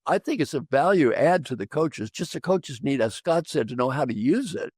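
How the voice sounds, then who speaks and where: A man's voice: fairly high pitch, expressive, normal speed, a little mellow, slightly rough, dry recording, studio quality. An older man, an executive coach on a podcast, talking emphatically and repeating phrases for effect. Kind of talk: animated conversational storytelling.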